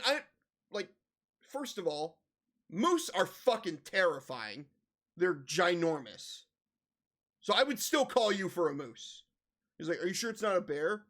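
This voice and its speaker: A man's voice: sits high, fairly bright tone. A man giving comedic reaction commentary, ranting in exasperation and swearing heavily. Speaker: reaction video host.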